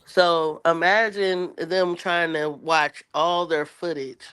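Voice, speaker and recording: Co-host, mid pitch, reflective, hesitant, casual discussion. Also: fairly even intonation, slow pace, fairly bright tone, clean tone, dry recording. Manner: reflective, hesitant, restarts sentences.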